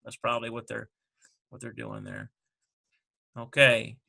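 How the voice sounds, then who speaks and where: A man slowly working through a language exercise, sounding out syllables and spelling letters one by one. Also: mid-range voice, monotone, vocal fry, bright, forceful tone. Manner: slow and halting, sounding out syllables. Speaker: Hebrew teacher. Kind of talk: screen-recorded lesson walkthrough.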